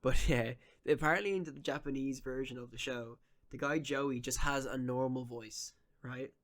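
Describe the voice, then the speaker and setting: A man's voice: mid-range voice, moderate pace, a bit bright. A young man with a mid-range voice co-hosts a podcast in easy, casual chat. He jokes around and breaks into laughter often. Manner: laughs often, easygoing and jokey. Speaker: podcast co-host.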